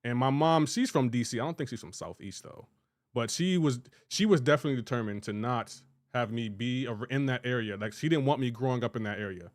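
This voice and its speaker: A man's voice: medium pitch, a little fast, dry recording, studio quality. Rambling man chatting on a live stream. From Delaware, USA. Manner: chatty, rambling, restarts sentences, answers chat. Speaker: game streamer. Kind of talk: casual live-stream chat.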